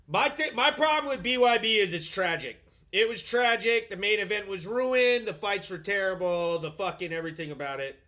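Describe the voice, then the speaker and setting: High-pitched dude cussing up a storm on his livestream, bright edgy voice, fired up. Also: moderate pace. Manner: profane, heated ranting. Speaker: host. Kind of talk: livestream rant reacting to chat.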